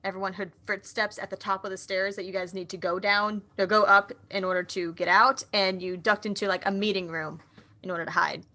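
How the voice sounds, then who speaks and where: Bright-voiced woman running a tabletop game. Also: medium pitch, fairly even intonation. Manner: descriptive, measured scene-setting. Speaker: game master.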